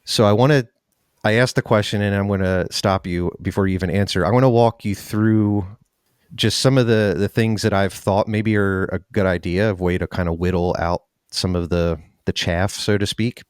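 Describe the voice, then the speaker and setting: A man's voice: deep voice, fairly even intonation, moderate pace, smooth, dry recording, clean studio sound. A man hosting an interview show, asking questions and telling a chatty story in a casual way. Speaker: podcast host.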